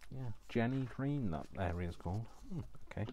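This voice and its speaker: A man's voice: mid-range voice, expressive, moderate pace, mellow, slight background noise. A man vlogging as he decorates a book cover, chatting in a rambling, self-deprecating way. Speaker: craft vlogger. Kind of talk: casual chat while crafting.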